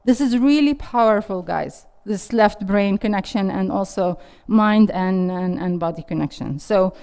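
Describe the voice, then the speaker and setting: Her voice is mid-range, dark and clean, with vocal fry and a measured pace. A middle-aged woman leading an interactive parenting workshop, she stands before a live classroom audience, restating their questions and giving encouragement.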